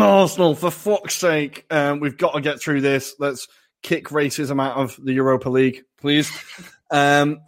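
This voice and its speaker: A man co-hosting a football podcast, excitable and quick to laugh. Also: medium pitch. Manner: excitable, laughs a lot, swears casually. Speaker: podcast co-host. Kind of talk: casual football chat.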